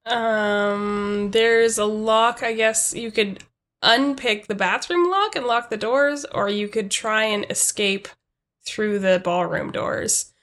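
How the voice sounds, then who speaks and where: A woman narrates a comedy tabletop game as its game master. She talks casually and bluntly at a medium pitch, pausing often on ums. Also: a bit bright. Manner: casual, hesitant with many ums, blunt and crude.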